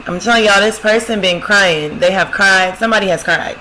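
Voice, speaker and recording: A woman gives a casual prophetic love reading with a bright, sharp, forceful tone. She speaks straight to her viewers, keeps saying "y'all" and "I'm telling you," and reads song lines aloud before explaining them. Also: medium pitch, moderate pace, a little hiss or hum, poor audio. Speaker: spiritual love-reading host.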